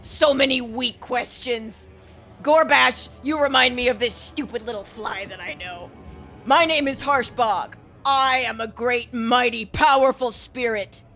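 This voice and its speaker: A swaggering centipede-crab monster spirit, played by a woman, sneering at everyone it meets. The voice sits high and gravelly with a sharp, bright edge. It is in a tabletop role-play. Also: measured pace, faint music behind. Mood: scornful. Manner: arrogant, scornful, shouting.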